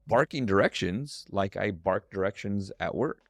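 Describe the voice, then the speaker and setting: A man's voice: lowish voice, animated, normal speed, no room sound, clean studio sound, soft background music. A middle-aged man, a strengths coach and guest, telling a personal story on a podcast and acting out voices in the quotes.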